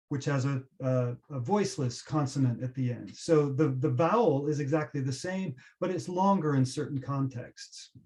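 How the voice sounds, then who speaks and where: A man giving a teacher-training webinar, explaining pronunciation and slowly modelling example words. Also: fairly high pitch, a little mellow. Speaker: webinar presenter.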